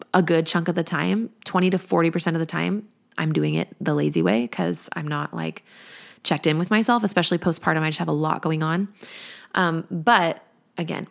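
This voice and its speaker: A woman's voice: on the low side, vocal fry. A woman in her thirties, a parenting coach, talking candidly and chattily in a reflective podcast chat. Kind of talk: casual podcast talk.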